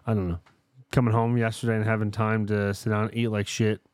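A man's voice: fairly low pitch, flat delivery, fairly quick, a little mellow, no room sound, clean studio sound. A man hosting a casual podcast, telling stories with lots of swearing and laughter. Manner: profane, storytelling, laughs often. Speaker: podcast host.

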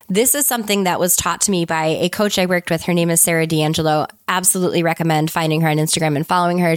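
A woman's voice: lowish voice, no echo, studio quality. Earnest woman giving casual advice. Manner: earnest, animated storytelling. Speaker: manifestation vlogger.

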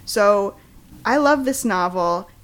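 A woman co-hosting a casual book chat, enthusiastic and quick to read passages aloud. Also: medium pitch, lively intonation, clean tone. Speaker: podcast co-host.

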